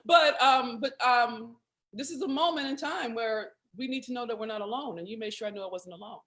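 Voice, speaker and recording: A woman's voice: fairly high pitch, brisk, very noisy. A woman hosting a live video conversation, joking and emotional, her voice catching with feeling. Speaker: host.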